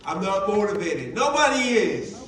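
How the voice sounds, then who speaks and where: A man with a fairly high voice gives an emphatic motivational talk to an audience in a large meeting room. He repeats his key lines and fires questions at the crowd. The sound is very echoey, picked up from far off, with faint room noise. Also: sing-song, moderate pace. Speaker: motivational speaker for a sales team.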